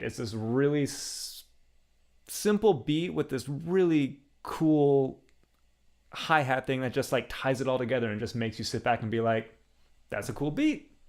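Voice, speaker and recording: Young man, drum teacher, casual and enthusiastic, mid-pitched voice, lots of fillers. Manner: relaxed, enthusiastic, uses "like" and "um" often. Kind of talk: casual instructional explanation.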